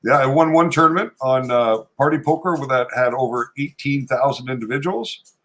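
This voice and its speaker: A man in casual podcast chat who explains his points in a steady, measured way. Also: medium pitch.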